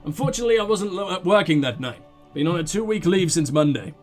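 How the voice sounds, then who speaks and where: A man's voice: high-pitched, expressive, fast talker, faint music behind. A man voicing a proud, stubborn old male guard who talks with aloof dignity.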